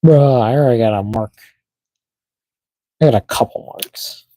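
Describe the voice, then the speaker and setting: A man's voice: mid-range voice, normal speed, warm tone, no room sound, low-quality recording. A man chatting casually to himself while unboxing toys on a live stream, muttering as he fiddles with the packaging. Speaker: toy collector streamer.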